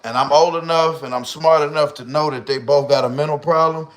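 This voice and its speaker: Fairly quick and a little high-pitched, this man rants casually while hosting a livestream. His talk is thick with slang and profanity, and he animatedly acts out voices for the people he talks about.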